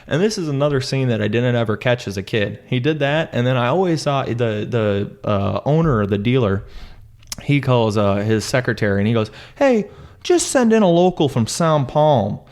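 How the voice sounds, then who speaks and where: A young man chatting excitedly about a movie, acting out lines in high silly voices. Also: fairly quick. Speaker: podcast co-host reviewing a movie. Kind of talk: casual chat, retelling scenes.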